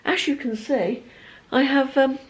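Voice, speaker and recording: A chatty lifestyle vlogger in her fifties talks casually to camera at home, recorded on a handheld camera. Her voice sits high and is husky and unhurried, and she rambles with self-deprecating humor.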